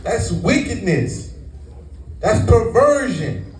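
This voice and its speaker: High-voiced preacher, slow, echoey. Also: male voice, big pitch swings, darkish tone. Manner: asks the congregation to fill in words. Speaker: Bible teacher. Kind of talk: call-and-response sermon teaching. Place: congregation meeting room. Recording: echoey room, mic far off.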